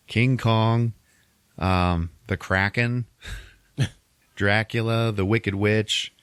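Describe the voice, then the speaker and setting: Deep-voiced man chuckling through a recap. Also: steady tone, very slow, a bit bright, clear, resonant tone, dry recording. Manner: chuckles often while retelling scenes. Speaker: podcast host. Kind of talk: casual movie recap.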